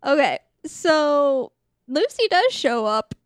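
A woman's voice: high voice, very animated, takes it slowly, dry recording, clean studio sound. A woman co-hosting a podcast, retelling a movie plot in a playful, giggly way. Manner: giggly, playful, acts out quotes. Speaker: podcast co-host.

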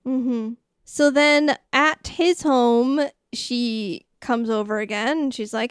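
A young woman co-hosting a podcast, recapping a movie in casual chat and slipping into quick voices of the characters. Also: fairly high pitch, clean tone, no echo, clean studio sound. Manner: animated retelling with quick character voices and laughs. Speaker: podcast co-host.

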